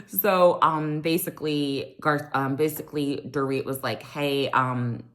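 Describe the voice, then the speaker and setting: Speaking a little slowly in a low, fairly bright voice, a woman chats her way through a reality show recap. Fillers like "um" come up often, and she regularly imitates other people's quotes.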